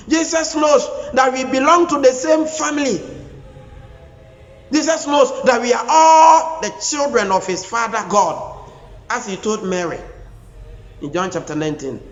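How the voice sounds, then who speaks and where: A man with a Ghanaian English accent preaching a sermon, raising his voice to a shout at points and slipping into Twi. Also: very high-pitched. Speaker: pastor. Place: large church hall. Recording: echoey church hall, dull sound.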